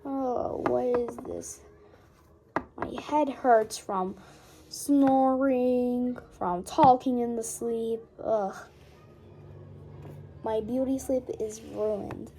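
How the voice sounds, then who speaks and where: A woman's voice: fairly high pitch, fairly even intonation, extremely slow, long pauses, noisy background. A woman voicing a cranky young girl toy animal who whines and complains about her sleep. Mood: whiny. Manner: whiny, complaining.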